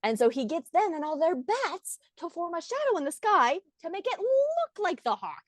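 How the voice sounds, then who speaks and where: A high-pitched woman bursting with excitement as she retells a story, laughing between lines and slipping into gruff voices. Her voice is dry and close, with no room around it. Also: moderate pace, no room sound. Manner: gushing, laughs often, does low gruff voices for quoted characters. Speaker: podcast co-host retelling a film. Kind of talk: excited casual chat.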